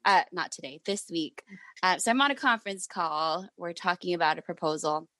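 A woman's voice: on the low side, fairly quick, fairly bright tone, no room sound. A woman in her thirties, a manager and parent, telling a story in casual chat and acting out the quotes.

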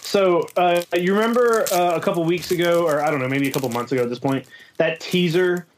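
A man's voice: a little high, brisk, slight background noise. A man co-hosting a podcast in casual banter, rambling and laughing as he talks and swearing casually. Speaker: podcast co-host.

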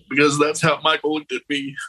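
Husky man telling a dramatic story. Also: on the high side, low-quality recording. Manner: animated, acts out quoted voices. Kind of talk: personal storytelling.

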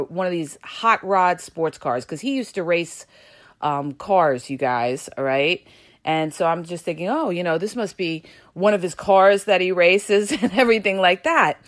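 A woman podcast host telling a dramatic personal story to her listeners, often checking in with them as she talks. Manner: animated, addresses listeners with "you guys" and "all right?"; dramatic retelling, gets loud and high at tense moments.

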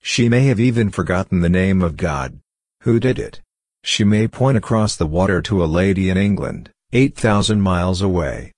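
Deep-voiced man giving a spiritual lecture. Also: darkish tone, dry recording, studio quality. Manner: emphatic, with repeated rhetorical questions.

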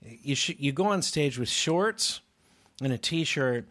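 A man casually telling a lively comedy-club road story to a friend, acting out the voices of the people in it. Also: medium pitch, slow pace. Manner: animated storyteller, acts out quoted voices.

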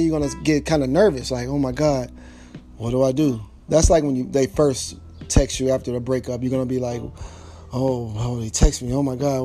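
A man's voice: fairly high pitch, darkish tone. A man giving casual relationship advice, repeating his points emphatically and speaking informally straight to the listener. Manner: informal speech with double negatives.

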